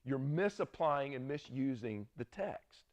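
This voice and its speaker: A man's voice: mid-range voice, expressive, a little slow. Folksy Southern man teaching a Bible class. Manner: folksy, storytelling, frequent "right?" checks.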